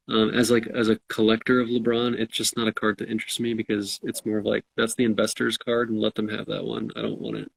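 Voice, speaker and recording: A man's voice: lowish voice, gravelly, slight background noise, poor audio. A man co-hosting a casual live-stream chat, answering viewer questions in a laid-back, self-deprecating way.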